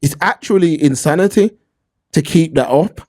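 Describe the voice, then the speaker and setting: A man's voice: fairly high pitch, moderate pace, a little mellow, no echo, studio quality. A man co-hosting a casual talk show, telling stories animatedly and acting out the voices he quotes. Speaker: podcast co-host. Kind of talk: casual discussion.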